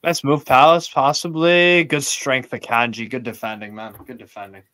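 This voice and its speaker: A man's voice: medium pitch, fairly even intonation, normal speed, sharp tone. A man from New England co-hosting a football watchalong, casual and laid-back, swearing freely. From New England, USA. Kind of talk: casual live commentary chat.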